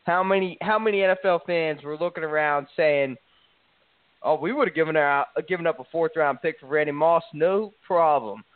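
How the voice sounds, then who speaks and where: Man, sports talk host, salesy, hyping picks, higher voice, tinny phone sound. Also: moderate pace, no echo. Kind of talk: sports radio banter. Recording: tinny phone-like line, dry.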